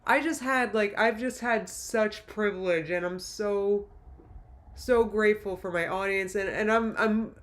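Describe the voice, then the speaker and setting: Speaking at a measured pace in a medium-pitched voice, a YouTuber in her late 30s chats on a livestream and reads out comments from viewers. Her talk is emotional and meandering, with many false starts.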